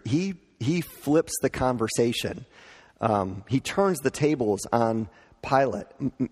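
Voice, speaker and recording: A man delivers a sermon in a relaxed, conversational way, breaking into asides and small laughs as he explains. His voice sits at an ordinary middle pitch. The sound carries a long reverb, as in a large church hall. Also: husky. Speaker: pastor.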